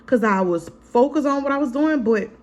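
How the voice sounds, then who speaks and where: A woman's voice: high-pitched, animated, normal speed, darkish tone. A woman vlogger and mother telling a story in a casual vlog, frank and profane, chatting straight to her viewers. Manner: chatty, frank and profane, keeps calling to viewers as "y'all" and "girl"; re-enacts scenes vividly in the retelling.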